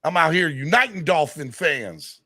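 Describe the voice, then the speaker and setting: Man, Southern US accent, podcast host, chummy, animated, very lively pitch. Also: measured pace, dry recording, studio quality. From North Carolina, US. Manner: animated, chummy, drifts from loud to low. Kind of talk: casual call-in sports chat.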